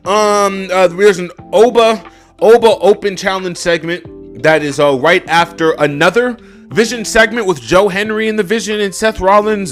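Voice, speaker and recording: A man ranting through a wrestling show review, swearing, sarcastic and exasperated, stammering as he restarts his sentences, jumping between loud outbursts and low muttering. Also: measured pace, faint music behind. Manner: animated swings from loud to muttering.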